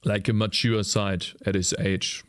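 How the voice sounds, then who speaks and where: Rambling German-accented streamer, lowish voice. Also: male voice, level tone, a little slow. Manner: rambling, searches for English words, chats with viewers. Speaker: streamer and indie game developer. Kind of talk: casual live-stream chat while coding.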